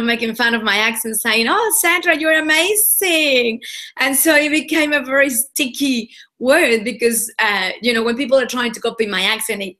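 A woman from Mexico with a Spanish accent, telling her story earnestly as an interview guest on a video call, with many "you know"s. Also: mid-range voice. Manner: animated, earnest storytelling with frequent fillers. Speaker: women's leadership coach.

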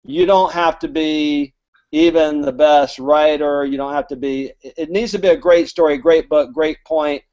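A man, raised in Alabama, tells long, winding stories as a guest author, acting out the lines of the people in them. His voice sits a little higher than most men's. The recording sounds dull and lo-fi. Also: steady tone, moderate pace, a little mellow. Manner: rambling, chatty, acts out quoted dialogue. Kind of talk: casual storytelling interview. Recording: dull lo-fi audio.

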